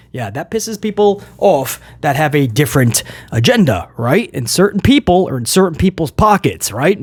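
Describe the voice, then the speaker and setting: High, bouncy-voiced guy ranting about wrestling, sarcastic, cussing, dry close sound. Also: dry recording. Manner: animated, sarcastic, swears freely. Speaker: wrestling commentary host. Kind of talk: opinionated wrestling rant.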